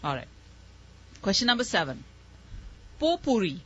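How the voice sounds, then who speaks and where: Woman, spelling bee quizmaster, very animated pitch, patient explainer, muffled lo-fi sound. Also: moderate pace, slightly rough. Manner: encouraging, explains words patiently. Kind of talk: running a live spelling contest. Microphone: microphone. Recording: muffled lo-fi recording.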